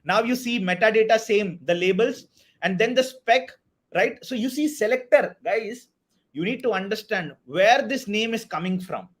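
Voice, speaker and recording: A man teaching a live online DevOps class, energetic, often checking if everyone is clear. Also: high-pitched, normal speed. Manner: energetic, repeats "are you all clear" and "right"; hypes up the chat and counts down to a target. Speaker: DevOps instructor.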